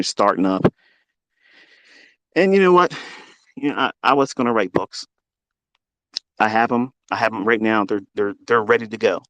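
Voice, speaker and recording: A man's voice: fairly low pitch, fairly bright tone, no room sound. Profane, combative man ranting. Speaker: trading educator. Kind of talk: livestream rant.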